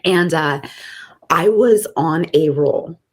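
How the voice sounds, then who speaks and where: A middle-aged woman co-hosting a podcast, telling a story in a casual, animated way and often laughing. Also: low voice, takes it slowly. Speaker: podcast co-host.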